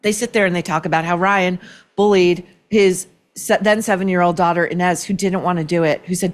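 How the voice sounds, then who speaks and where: A woman's voice: fairly low pitch, steady tone, fairly quick. A woman hosting an opinion commentary show, talking in a sarcastic, indignant, worked-up way. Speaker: podcast host.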